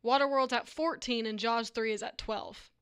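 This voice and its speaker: A woman's voice: fairly high pitch, moderate pace, fairly bright tone, clear, resonant tone. A woman on a radio show staff reading out poll numbers in brief, matter-of-fact updates from the studio. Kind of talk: casual studio banter.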